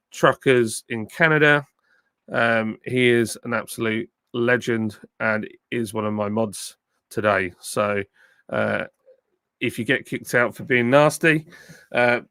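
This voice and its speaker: A middle-aged man from the south of England, his southern English accent softened by years in the north, chatting casually on a live stream and reading out viewer comments. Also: mid-range voice, clean tone, no room sound, studio quality. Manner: chatty, thanking viewers by name, frequent ums and uhs. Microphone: phone with a plug-in mic.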